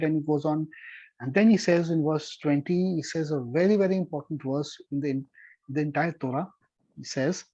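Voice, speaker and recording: Brief: middle-aged male Bible teacher, husky and a touch high, earnest and repetitive, dry dull lo-fi sound. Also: normal speed, a little mellow, dry recording. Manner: earnest, repeats key words for emphasis. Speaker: Torah teacher. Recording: dull lo-fi recording.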